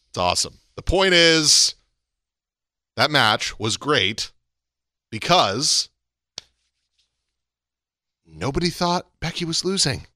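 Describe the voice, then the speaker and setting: A man's voice: fairly high pitch, very animated, slow, long pauses, sharp tone, no echo, clean studio sound. A man co-hosting a podcast, chatting casually and animatedly, his voice climbing to emphatic peaks. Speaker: podcast co-host. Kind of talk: casual wrestling chat.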